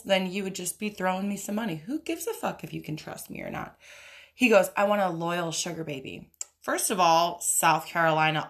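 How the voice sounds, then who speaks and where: A woman's voice: fairly low pitch, fairly bright tone. Young female podcast host, casual profane monologue, brash ranting manner.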